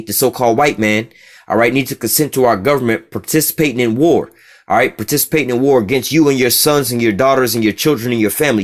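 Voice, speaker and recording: A man preaches in a rapid, rushing delivery at a middle pitch, reading a text aloud and breaking it down for his listeners. His talk is blunt, profane and heated, full of restarts and repeated asides. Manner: blunt, profane and heated, with frequent "you see what I'm saying" asides; repeats and restarts words while driving his point. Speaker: religious teacher. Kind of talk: street-style religious lecture, reading a text aloud and commenting.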